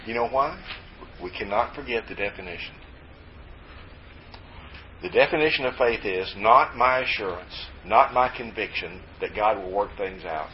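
A man's voice: on the low side, normal speed, hardly any pauses, a little hiss or hum. Folksy male preacher, lo-fi recording. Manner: folksy, joking asides, lively emphasis. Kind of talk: sermon. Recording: slightly dull lo-fi recording with faint ambience.

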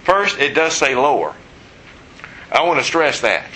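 A man delivers a teaching sermon in a bright, forceful voice pitched slightly high. He explains scripture in a conversational way, dropping in light asides. A faint background noise sits under the recording. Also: sing-song, a little slow, poor audio. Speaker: preacher.

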